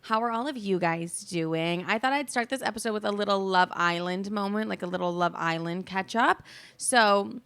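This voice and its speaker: A woman's voice: medium pitch, moderate pace, a bit bright, clear, resonant tone. A young woman hosting her podcast, rambling through a casual rant full of fillers and swearing, talking around a sore jaw. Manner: chatty, rambling, filler-heavy, swears freely. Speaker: podcast host. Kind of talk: casual ranting monologue.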